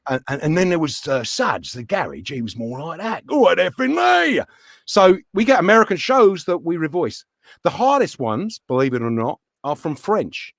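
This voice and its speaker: A man's voice: fairly high pitch, moderate pace, no room sound, studio quality. A middle-aged man, an actor and voice actor, chatting casually as an interview guest and acting out voices as he tells stories. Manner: animated storyteller, acts out voices in anecdotes.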